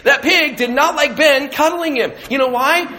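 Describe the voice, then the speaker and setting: A man's voice: very high voice, moderate pace, bright, forceful tone, big-room sound. A middle-aged man preaching a sermon in a conversational way, telling stories and restarting his phrases as he goes. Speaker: pastor.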